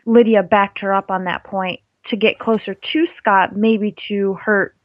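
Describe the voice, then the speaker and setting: A woman's voice: mid-range voice, flat delivery, measured pace, no room sound, dull audio. A woman co-hosting a podcast over a remote call, chatty and giggly in casual conversation. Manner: chatty and giggly, many fillers. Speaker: podcast co-host. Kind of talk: casual chat.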